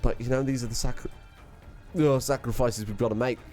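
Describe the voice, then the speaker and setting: A man's voice: medium pitch, steady tone, fairly quick, darkish tone, soft background music. A young man chatting as co-host over gameplay, dry and wordy, with teasing jokes. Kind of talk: casual chat over gameplay.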